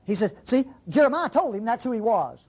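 A Bible teacher giving a folksy, conversational sermon-style lesson, acting out quotes with sudden pitch jumps. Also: big pitch swings, a little fast, slightly rough, highs cut off.

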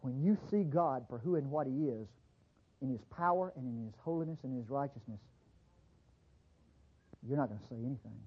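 A man's voice: mid-range voice, moderate pace, pauses often, breathy edge, highs cut off. A male preacher delivering an emphatic, fervent sermon to his congregation.

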